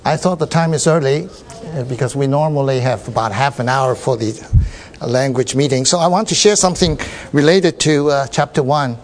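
A man giving an informal Bible sharing at a church meeting, talking haltingly with many fillers and restarts and often checking that his listeners understand. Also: medium pitch, fairly even intonation.

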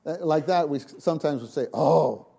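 A man preaching a sermon, shifting from hushed, slow passages to sudden loud, dramatic exclamations. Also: on the high side, creaky, breathy edge. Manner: slow, emphatic delivery.

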